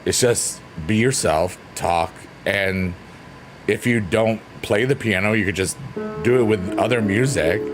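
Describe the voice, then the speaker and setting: A man hosting a relaxed livestream, chatting playfully and reading out messages from his viewers. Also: on the low side, measured pace. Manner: playful, silly, rambling, reads chat aloud. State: drained. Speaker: livestream host. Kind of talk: casual chat with live chat readers. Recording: faint piano music underneath.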